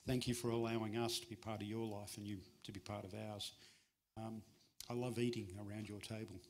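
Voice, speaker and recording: A middle-aged man delivering a sermon as a guest speaker. He keeps it conversational and joking, and his pitch leaps high whenever he stresses a point. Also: brisk, slight background noise. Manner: conversational and humorous, with lively jumps in pitch for emphasis.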